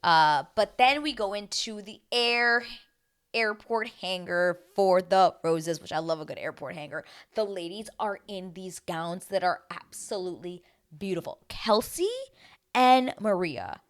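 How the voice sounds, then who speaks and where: A woman hosting a reality TV recap, talking casually to a camera she filmed herself with, animated and swearing freely. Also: medium pitch, unhurried, smooth. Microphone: self-filmed camera.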